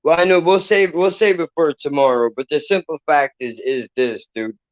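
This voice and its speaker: Guy with smooth clear voice, kinda high, rambling and swearing at home. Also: moderate pace, lo-fi sound. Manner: loose, profane, gets loud when excited. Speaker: channel host. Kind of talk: casual chat at home.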